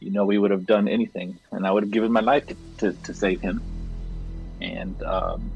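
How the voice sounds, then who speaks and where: A man's voice: fairly low pitch, steady tone, normal speed, gravelly, darkish tone, soft background music. A man playing a cleric in a tabletop game, talking hesitantly with many fillers. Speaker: player. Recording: dull, lo-fi sound.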